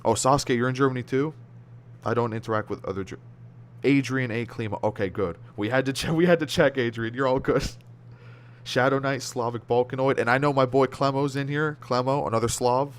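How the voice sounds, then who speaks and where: A man's voice: medium pitch, fairly quick, clean tone. A young American man chatting on a livestream in a loose, slang-heavy way, reacting to viewer comments. His mid-range voice rambles and breaks off mid-word, with easy laughs throughout. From United States. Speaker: streamer. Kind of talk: casual livestream chat reading viewer comments.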